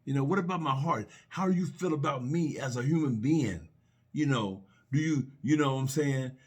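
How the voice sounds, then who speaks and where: A man's voice: mid-range voice, normal speed, a little mellow, slightly rough. A middle-aged man sharing personal reflections on faith and love, earnest and repetitive, full of rhetorical questions and restarts.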